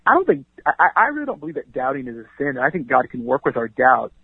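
A male pastor and author speaking as an interview guest in an energetic, preachy manner, often adding 'you know what I mean'. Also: mid-range voice, quick pace, breathy edge, no room sound. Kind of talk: conversational radio interview. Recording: dry, tinny phone line.

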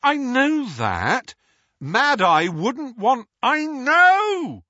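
A man's voice: on the high side, wildly swooping pitch, slow, fairly bright tone, slightly rough, no echo, highs cut off, pitched above the performer's own voice, heavily acted. A man doing a stubborn, frustrated teenage wizard. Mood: insistent. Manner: insistent, clipped.

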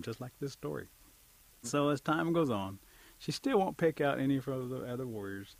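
A man telling a folk tale in a relaxed way, acting out the characters' lines as he goes. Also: mid-range voice, moderate pace, creaky, no echo. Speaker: storyteller. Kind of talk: oral folk storytelling.

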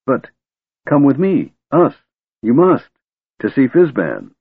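A man's voice: mid-range voice, wildly swooping pitch, slow pace, slightly rough, dry recording, voice pushed up, full character voice. A man doing a big, earnest, anxious warrior. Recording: tinny narrow-band recording.

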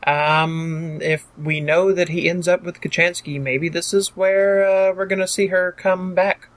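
A young podcast co-host wrapping up an episode in casual chat. They talk in stops and starts, leaning on lots of fillers along the way, with a voice pitched around the middle. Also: fairly even intonation, a little slow. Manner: hesitant, many fillers.

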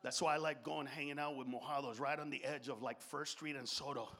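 A middle-aged man doing live stand-up in a comedy club, profane and shouting, dropping Spanish slang. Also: mid-range voice, fairly even intonation, a little fast, background noise.

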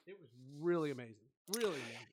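A man casually telling an animated story with frequent laughs. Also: a little high, fast, slightly rough.

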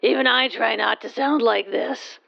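A woman playing a grumpy female tour site worker in a comedy radio play, with a rough, gravelly voice and a flat, grumbling delivery. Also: a little high, moderate pace, dull audio, exaggerated voice. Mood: scornful.

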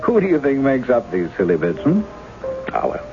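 An actor in a 1970s radio drama playing a smooth-talking male writer who poses as a woman's lost husband, wry and teasing. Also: mid-range voice, wildly swooping pitch, normal speed. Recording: muffled old radio broadcast with music.

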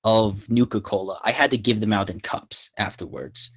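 A young man telling a story on a podcast in an excitable, halting way, often restarting his sentences. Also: lowish voice, breathy edge. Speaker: podcast guest. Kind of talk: casual storytelling.

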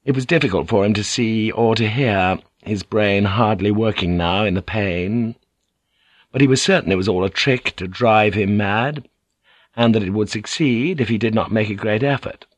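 A man reading an audiobook aloud in a measured, dramatic storytelling manner, recorded in a studio. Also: fairly low pitch, dry recording. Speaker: audiobook narrator. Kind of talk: scripted audiobook narration.

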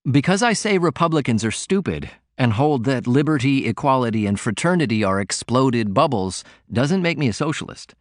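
A man's voice: medium pitch, expressive, moderate pace, no echo, clean studio sound, natural voice. A man reading an audiobook, voicing a defiant young working-class man who argues pointedly. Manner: pointed, argumentative.

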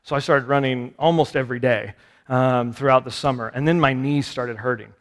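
In a big hall with long, echoing reverb, a pastor preaches in a mid-range voice, fairly even in intonation and at a normal speed. His sermon is conversational and self-deprecating, and he keeps asking his audience rhetorical questions.

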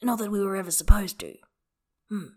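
A woman voicing a gruff but gentle grown man who speaks plainly with a dry, wry edge. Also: mid-range voice, a little fast, close to an everyday voice. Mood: wry fond.

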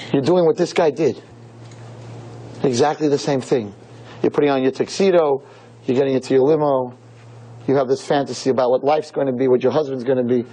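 Male rabbi, sermon, dramatic storytelling, shouting peaks. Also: mid-range voice, slightly rough, poor audio. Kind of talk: sermon to girls.

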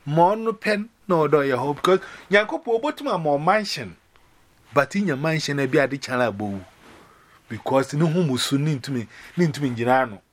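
A man's voice: on the high side, animated, fairly quick. A man from Ghana rambling casually on a phone call, slipping between English and Akan.

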